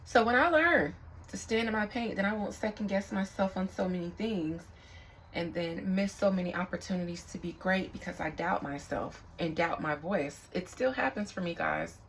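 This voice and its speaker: A young woman speaking as a psychic reader in a casual, candid vlog monologue, reflective and quick to swear. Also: medium pitch, a little hiss or hum, poor audio.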